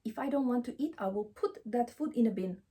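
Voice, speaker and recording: Breathy woman self-help coach, bouncy pitch, keeps repeating affirmations, bit of non-native grammar. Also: lively intonation, a little fast. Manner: warm and emphatic, repeats affirmations. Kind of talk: motivational talk to camera.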